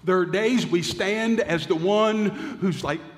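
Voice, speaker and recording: A male pastor preaching, telling a story with dramatic pauses and often dropping to a hushed voice. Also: high-pitched, in a large hall. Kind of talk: sermon storytelling.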